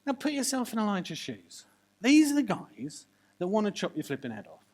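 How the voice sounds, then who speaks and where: A preacher giving a sermon, animated and full of jokey asides and rhetorical questions. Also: medium pitch, brisk.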